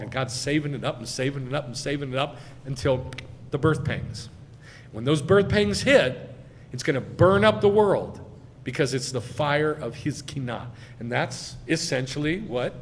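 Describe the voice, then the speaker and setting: A man giving a sermon as a rabbi, speaking with emphasis and swelling loud on key phrases. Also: mid-range voice, expressive, normal speed, in a large hall. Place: congregation sanctuary.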